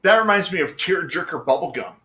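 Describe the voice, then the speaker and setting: A man ranting loudly and swearing freely in a relaxed podcast conversation. His voice sits high and bright. The room around him is echoey. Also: fairly quick, a little hiss or hum. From Norwegian heritage, US. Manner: profane, ranting, animated. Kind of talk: casual chat.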